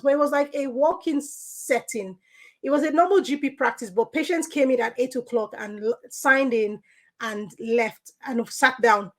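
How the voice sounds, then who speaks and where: A woman GP speaking as a guest, sharing workplace experiences in an earnest, conversational way with frequent fillers. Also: a little high.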